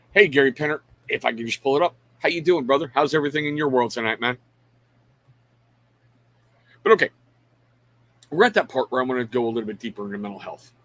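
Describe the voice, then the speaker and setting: Middle-aged guy hosting a live stream, chatty and rambling, shouts out viewers by name, pokes fun at himself. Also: mid-range voice, lively intonation, fairly quick, pauses often, dry recording, low-quality recording. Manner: frank, self-deprecating. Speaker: live show host. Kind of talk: casual live-stream chat.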